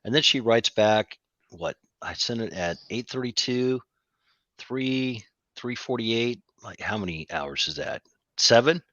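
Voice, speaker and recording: A man's voice: lowish voice, lively intonation, normal speed, bright, forceful tone, no room sound, highs cut off. A frustrated man calling into a livestream, venting in a rambling, profane way. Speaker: caller on a livestream. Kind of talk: angry venting chat.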